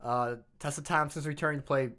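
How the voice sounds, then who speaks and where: A man's voice: on the high side, fairly even intonation, brisk, bright, forceful tone. A man co-hosting a casual podcast, leading the topics in a rambling way, full of "like" and "um". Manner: rambling, lots of fillers and like. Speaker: podcast co-host. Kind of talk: casual chat.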